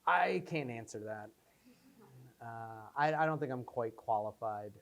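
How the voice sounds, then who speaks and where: A man's voice: medium pitch, animated, a little slow, vocal fry, a bit bright. Man fielding questions after a screening, loose rambling storyteller, acts out his own quotes. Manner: rambling anecdotes, many fillers, acts out quotes. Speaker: filmmaker answering audience questions. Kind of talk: casual post-screening Q&A. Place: screening room before an audience.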